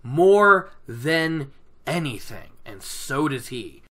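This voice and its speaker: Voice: mid-range voice, very animated, slow pace, fairly bright tone, exaggerated voice. A podcaster voicing a blunt older man who lives with wolves, speaking in an offhand, amused way while retelling a fantasy novel.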